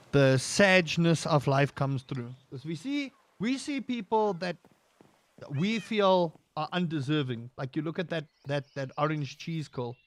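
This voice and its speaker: Man streamer, high voice, dry close sound, casual rant, lots of rhetorical questions. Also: no echo. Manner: ranting, piles up rhetorical questions; voice climbs sharply high when worked up. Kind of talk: casual rant while gaming.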